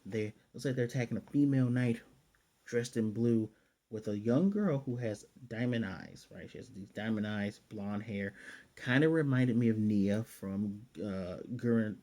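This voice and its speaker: Mellow-voiced man recapping an anime. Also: lowish voice. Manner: retells scenes with quick paraphrased dialogue; chatty, self-correcting asides. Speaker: anime reviewer. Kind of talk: casual episode recap.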